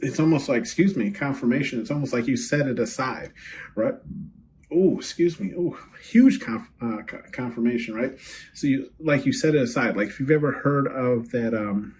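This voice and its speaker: A man giving a casual tarot reading as host, chatty and quick to laugh, often checking in with "right?" and "okay?". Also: medium pitch, a little mellow, slight background noise. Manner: laughs easily, rambles with fillers. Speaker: tarot card reader.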